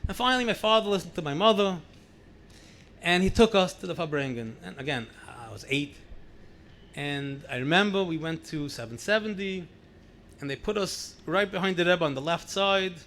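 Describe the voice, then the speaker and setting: A middle-aged man, a rabbi, telling family stories in a lively anecdotal way, repeating words for emphasis. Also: high voice, moderate pace, a little hiss or hum. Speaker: rabbi sharing memories at a gathering. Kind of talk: storytelling speech.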